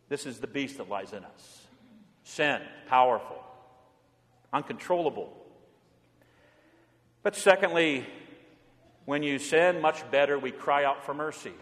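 A male pastor delivering a sermon in a church, swinging between raised and hushed delivery and leading the congregation in responses. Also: a little high. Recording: reverberant church hall.

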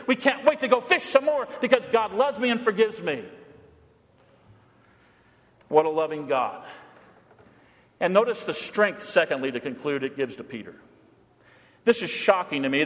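A male pastor preaching a sermon in a church, animated, acting out quotes and rising to near shouts. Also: high voice. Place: church sanctuary. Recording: long hall reverb.

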